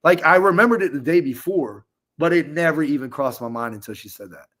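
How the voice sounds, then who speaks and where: A man's voice: on the high side, animated, a little fast, fairly bright tone. A man talking as a podcast guest, telling a candid personal story in a rambling, casual way, full of fillers.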